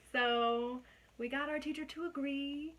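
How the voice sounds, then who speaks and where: A woman's voice: sits high, fairly even intonation, takes it slowly, a bit bright. A young adult woman casually telling a story as a guest, chatty and often laughing.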